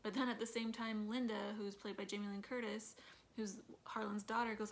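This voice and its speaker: A woman's voice: medium pitch, level tone, brisk, vocal fry, a little hiss or hum. A woman chatting casually in a movie review, retelling scenes with acted quotes and lots of fillers.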